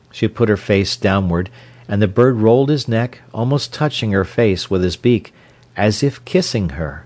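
A man narrating an audiobook in a slow, measured, expressive manner. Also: fairly low pitch.

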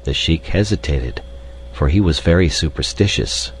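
A man reading a storybook aloud in a measured, even way. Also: a bass voice, slight background noise, low-quality recording. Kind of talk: audiobook narration.

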